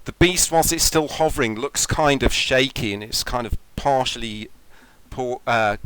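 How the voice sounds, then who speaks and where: A man's voice: medium pitch, clear, resonant tone, no echo, low-quality recording. Man narrating as tabletop game master. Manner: measured storytelling recap, then relaxed rules talk.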